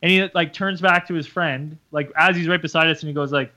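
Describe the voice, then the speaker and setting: A man's voice: a little fast, few pauses, dry recording, lo-fi sound. A man co-hosting a podcast, telling a story in casual chat with lots of swearing, acting out the people he quotes. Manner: animated, swearing, acts out quotes in high voices. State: hungover. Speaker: podcast co-host.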